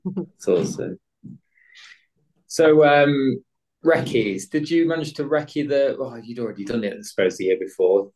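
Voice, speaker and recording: A man's voice: medium pitch, expressive, measured pace, long pauses, darkish tone. A man hosting a podcast, asking questions hesitantly and restarting them. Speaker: podcast host. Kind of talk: interview questions.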